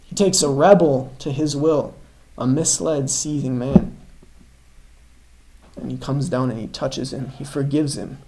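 A man's voice: medium pitch, steady tone, measured pace, slight background noise, poor audio. A man preaching a sermon, telling a story earnestly and emphatically, calling his listeners brothers and sisters. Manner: earnest, emphatic storytelling, swings between loud stresses and hushed lines.

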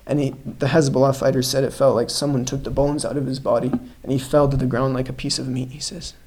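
A male preacher delivering a sermon in a mid-range voice. He tells his story earnestly, pressing hard on key words and then dropping almost to a hush. He talks straight to his congregation. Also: medium pitch, level tone, fairly quick, poor audio. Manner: earnest, emphatic storytelling, swings between loud stresses and hushed lines; addresses listeners as brothers and sisters.

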